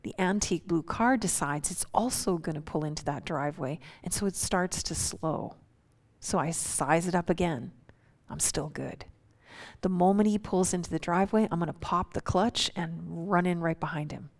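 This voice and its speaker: A woman's voice: on the low side, normal speed. A woman telling a personal story in a vivid, suspenseful, conversational way.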